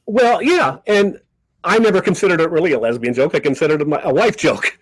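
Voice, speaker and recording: Older man, lively raconteur, dry sound. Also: on the high side, a little fast, husky, no room sound, rough recording. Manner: animated raconteur who acts out quoted people. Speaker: guest comedy magician. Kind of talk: casual storytelling interview.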